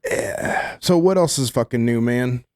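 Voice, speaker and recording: A man's voice: medium pitch, expressive, unhurried, a little mellow, no room sound. A man co-hosting a podcast in casual chat, laid-back and teasing, with casual swearing. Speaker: podcast co-host.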